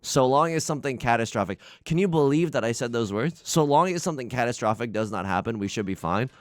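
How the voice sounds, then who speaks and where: A man's voice: medium pitch, expressive, fast, no echo, studio quality. A young man giving casual live commentary over his own gameplay, self-mocking and prone to stammered restarts. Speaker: gaming YouTuber.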